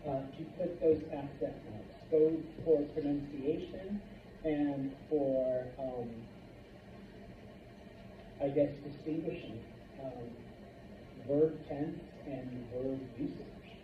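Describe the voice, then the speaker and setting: A man teaching a Spanish class in a classroom, unhurried and checking in often with the students. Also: on the high side, far from the mic, noisy background. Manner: unhurried, many fillers and check-ins. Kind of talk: classroom lecture. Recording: roomy lo-fi classroom recording from afar.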